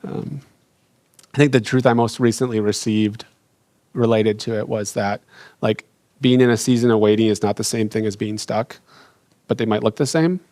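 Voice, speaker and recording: A young adult man sharing a personal faith story, earnest and halting, with frequent restarts and fillers. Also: fairly low pitch, fairly even intonation, darkish tone, no room sound, studio quality. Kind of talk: reflective personal testimony.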